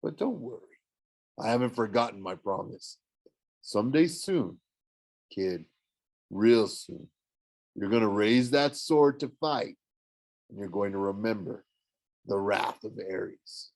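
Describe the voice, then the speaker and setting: A man voicing a menacing, taunting male war god in an audiobook, sneering and low. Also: animated, slow, pauses often, darkish tone, full character voice. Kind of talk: audiobook character voice.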